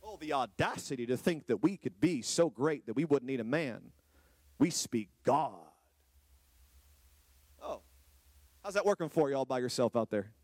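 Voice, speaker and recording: A man preaching a sermon to a congregation, firing rhetorical questions and swinging from low, quiet lines to high, drawn-out exclamations. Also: expressive, dry recording. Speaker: pastor. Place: church hall with a congregation.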